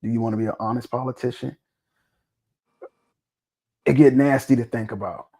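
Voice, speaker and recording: A man hosting a casual talk show discussion, talking bluntly and swearing freely, with an animated, preaching tone. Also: medium pitch, moderate pace. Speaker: podcast host.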